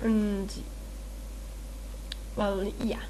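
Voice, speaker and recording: A woman's voice: medium pitch, little pitch movement, very slow, mellow, slight background noise. A woman rambling through a questionnaire in casual chat, giggly and self-mocking, with lots of ums and uhs. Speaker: video maker answering a meme questionnaire.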